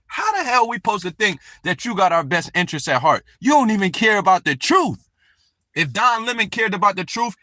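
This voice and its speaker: High, bright-voiced man ranting. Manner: angry ranting, addresses his target directly. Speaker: live stream host. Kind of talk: heated live stream commentary.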